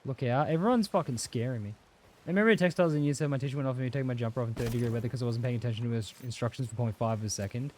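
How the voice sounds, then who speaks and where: A man's voice: mid-range voice, steady tone, very fast, few pauses, darkish tone, slight background noise. A young Australian man chatting casually and rambling while he streams a game, swearing freely and answering chat. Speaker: livestreamer.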